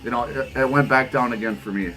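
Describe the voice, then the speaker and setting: A man's voice: medium pitch, fast, bright, forceful tone, faint music behind, rough recording. A middle-aged man, rambling emphatically as he hosts a vinyl channel, laughing often. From Wisconsin, USA. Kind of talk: casual vlog chat to camera.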